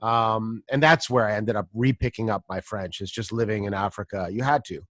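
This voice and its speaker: An American man hosting a casual interview podcast, talking in a relaxed, rambling way with frequent ums and throat clearing. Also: lowish voice, fairly quick, dry recording, studio quality. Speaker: podcast host.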